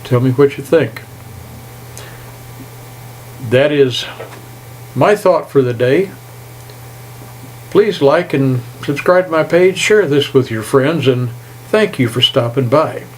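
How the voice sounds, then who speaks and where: An older man giving a folksy, indignant political rant, pausing to read stumblingly from notes. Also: mid-range voice, lively intonation, a little hiss or hum, rough recording. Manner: folksy, reads haltingly, indignant. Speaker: political commentator. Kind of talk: opinion rant to camera.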